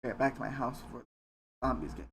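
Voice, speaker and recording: Rambling, swearing male streamer, middling pitch. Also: lively intonation, fast, gravelly, fairly bright tone, slight background noise. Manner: rambling, swearing, joking with chat. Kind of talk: casual live-stream chat while gaming.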